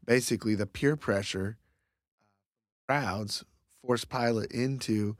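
A man talking through a Bible passage in a casual faith discussion, reflective and halting, with many fillers and restarts. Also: mid-range voice, no room sound, studio quality.

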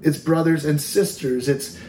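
A man's voice: a little high, steady tone, unhurried, darkish tone. A man co-hosting a faith talk show, speaking in an earnest, emphatic, preaching style. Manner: earnest, emphatic, rising in intensity. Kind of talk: preaching-style casual chat. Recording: echoey room with faint noise.

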